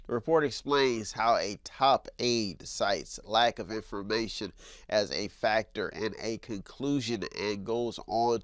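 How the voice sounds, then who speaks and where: A man's voice: fairly low pitch, no echo. A man hosting a news commentary show, talking emphatically and repeating himself, calling his listeners folks. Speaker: show host.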